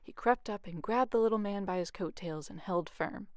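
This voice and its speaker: Woman, bedtime storyteller, expressive with hushed stretches, dry sound. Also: medium pitch, moderate pace, no echo. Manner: expressive, often hushed narration. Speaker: youth ministry coordinator.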